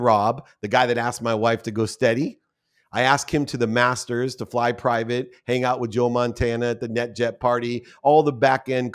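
Man in his fifties telling his story. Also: mid-range voice. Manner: emotional, acts out quoted voices. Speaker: podcast guest. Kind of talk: personal storytelling.

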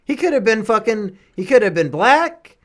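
A man with a high voice needles his co-host in casual banter, crude and quick to swear. He teases more than he asks and keeps the talk loose. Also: very animated, a bit bright. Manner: teasing, crude, swears often. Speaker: podcast co-host.

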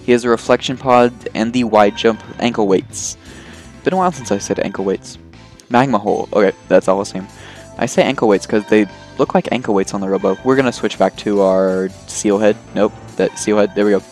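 A man's voice: lowish voice, brisk, a little mellow. A man giving casual, rambling commentary on his gameplay as a let's play host, joking at his own expense. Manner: rambling, self-deprecating, jokey, lots of fillers. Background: faint game music.

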